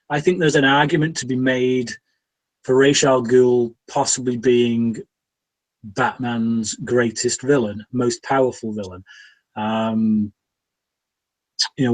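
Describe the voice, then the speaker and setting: A man's voice: medium pitch, poor audio. A British man giving his opinions in a casual podcast film discussion, often repeating words as he builds a point. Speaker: podcast panelist.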